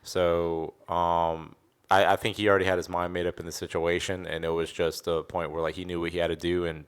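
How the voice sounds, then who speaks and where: A man's voice: sits low, flat delivery, fairly quick, clean tone. A man co-hosting a podcast, talking earnestly in a casual chat with many fillers. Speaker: podcast co-host.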